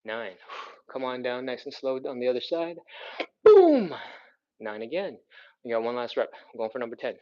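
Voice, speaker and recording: Breathless, encouraging male fitness instructor, mid-pitched, muffled lo-fi livestream audio. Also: brisk. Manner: upbeat, encouraging, counts reps aloud. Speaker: live stretching instructor. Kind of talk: live workout instruction.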